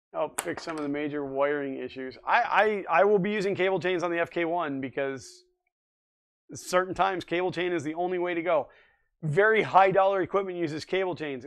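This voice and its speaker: Forty-something guy rambling on a live stream, kinda high voice, smooth and clear. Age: 40s. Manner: rambling, chatty, reads and answers chat. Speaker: livestream host. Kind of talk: casual live-stream chat.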